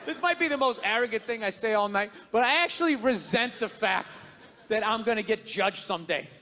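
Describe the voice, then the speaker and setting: A man doing a stand-up comedy rant on stage, shouting and incredulous in tone. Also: sits high, fairly quick. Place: comedy stage before a live audience. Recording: live stage recording with crowd and noise.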